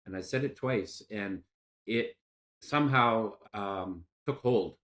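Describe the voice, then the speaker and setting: Soft-spoken man in his sixties, halting. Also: lowish voice. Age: 60s. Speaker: podcast guest. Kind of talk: emotional personal story.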